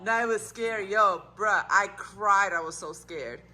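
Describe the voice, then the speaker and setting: A woman dog vlogger chatting casually, coaxing her dog in a soft voice and telling the story in lively slang. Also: mid-range voice, measured pace, a crowd in the background. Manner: animated, swearing slang. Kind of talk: casual vlog chat.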